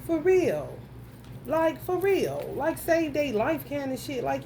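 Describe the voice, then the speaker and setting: A woman with a high voice talks slowly and deliberately through a casual astrology reading. She is blunt and profane, calling out to her viewers and breaking into exclamations. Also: a little mellow, a little hiss or hum. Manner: blunt, profane, emphatic, addresses viewers directly; breaks into frequent laughter and exclamations. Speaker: tarot reader.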